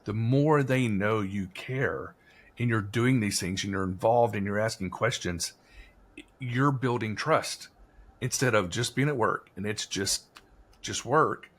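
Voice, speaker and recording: A man's voice: fairly low pitch, a little slow. A man telling a story in a casual podcast conversation, rambling, with many fillers.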